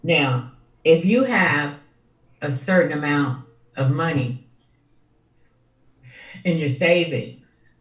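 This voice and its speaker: A woman co-hosting a podcast in casual chat, chatty and quick with asides as she tells her own story. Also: sits low, lively intonation, echoey room, distant mic, poor audio. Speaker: podcast co-host.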